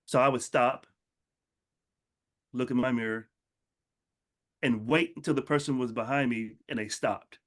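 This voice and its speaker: A man giving a casual motivational talk, telling personal stories and acting out the people in them with lively changes of voice. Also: mid-range voice, measured pace, pauses often. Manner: storytelling, acts out quotes in animated voices. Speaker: motivational speaker.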